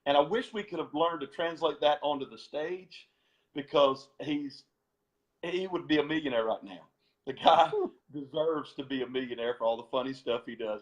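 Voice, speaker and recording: Chatty man guest with dull call audio. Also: medium pitch. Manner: laughs often, repeats words when telling stories. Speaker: guest, former gospel singer. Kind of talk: storytelling interview.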